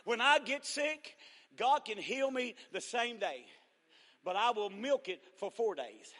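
A man preaching a revival sermon, teasing the congregation and rising to shouted fervor. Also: very high-pitched, expressive, unhurried. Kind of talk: joking, call-and-response revival sermon. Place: church revival service. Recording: long echoing church hall reverb.

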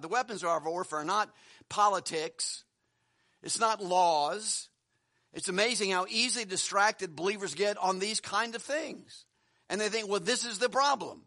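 A man's voice: sits high, bright, forceful tone. A man preaching a sermon as a pastor, in a conversational way with fillers and restarts.

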